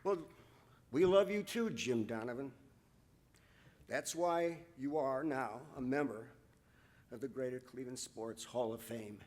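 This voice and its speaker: Man at a podium presenting an honoree, emotional and halting, talks to the crowd directly. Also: mid-range voice, a little hiss or hum. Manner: halting, with frequent restarts, addresses the crowd as folks. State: emotional, voice catching. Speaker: ceremony speaker presenting an inductee. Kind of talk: emotional ceremony speech to an audience.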